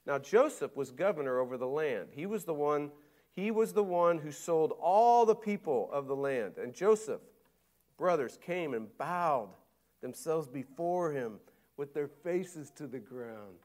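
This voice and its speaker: A male pastor preaching conversationally, acting out Bible voices with lively emphasis. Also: on the high side, unhurried. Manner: animated, conversational, acts out quotes. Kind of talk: sermon.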